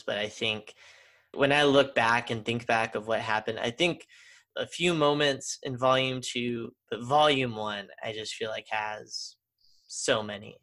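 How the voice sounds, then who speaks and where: Podcast co-host, man, bright tone, eager and rambling. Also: medium pitch. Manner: enthusiastic, rambling with restarts. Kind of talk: casual chat.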